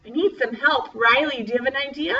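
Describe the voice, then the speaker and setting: A young woman teaching a first grade class over a video call, slowly spelling out words in a bubbly, encouraging way. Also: high-pitched, bright, forceful tone, highs cut off, slight background noise. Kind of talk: online class lesson.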